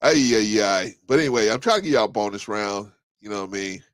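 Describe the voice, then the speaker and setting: A man hosting a talk stream in a casual monologue, animated, laughing often and repeating himself. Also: fairly low pitch, racing, no echo.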